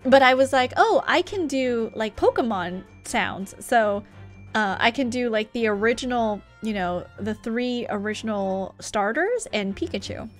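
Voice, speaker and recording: A woman's voice: a little high, animated, a little slow, soft background music. A young woman streaming a game, chatting casually and reading the game's dialogue aloud with a giggly manner. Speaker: VTuber streamer. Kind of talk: casual live-stream gameplay chat.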